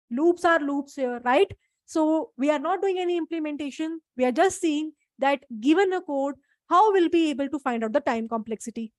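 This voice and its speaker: A high-pitched woman lectures in a live online class. She explains each point step by step and stops often to check that her students follow. The sound is dry and close, with no room echo. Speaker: instructor.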